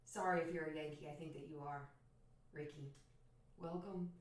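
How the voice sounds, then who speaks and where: A woman's voice: deep voice, fairly even intonation, moderate pace. A woman in her thirties from Florida, telling a profane, joking story casually to her stream chat. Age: 30s. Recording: echoey room, far from mic.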